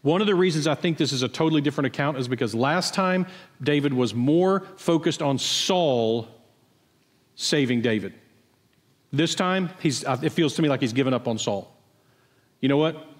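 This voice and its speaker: A man's voice: on the high side, expressive, moderate pace, in a large hall. A man preaching a sermon, explaining a passage in a conversational way and asking his listeners pointed questions. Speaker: pastor. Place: church sanctuary.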